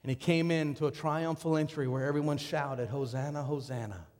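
A high-pitched male pastor preaching with passion, pushing hard through urgent stretches and dropping to near hush for effect. His voice rings out with a long reverb tail, as in a church sanctuary. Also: fairly even intonation, a little fast. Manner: impassioned preaching, rising and falling between urgent and hushed. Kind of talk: sermon.

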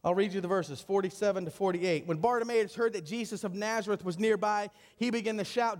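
Male pastor, high voice, impassioned sermon delivery, urgent then hushed, long hall echo. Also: brisk, few pauses. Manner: impassioned preaching, rising and falling between urgent and hushed.

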